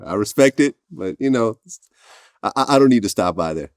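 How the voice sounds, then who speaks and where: A man hosting an interview, asking relaxed questions and laughing along. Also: fairly low pitch, fairly quick, dry recording, clean studio sound. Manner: relaxed, laughs often, short affirmations. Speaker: interview host.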